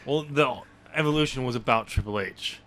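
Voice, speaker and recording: A man's voice: medium pitch, moderate pace, a bit bright. A man co-hosting a casual wrestling podcast, dry and laughing often as he steers the talk. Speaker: podcast co-host.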